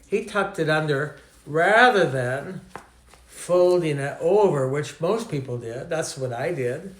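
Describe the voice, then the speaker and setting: A man's voice: fairly high pitch, animated, takes it slowly, roomy sound. An older man from Canada preaching a teaching sermon, telling anecdotes in a conversational way and asking his listeners questions. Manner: storytelling, conversational, asks the audience questions.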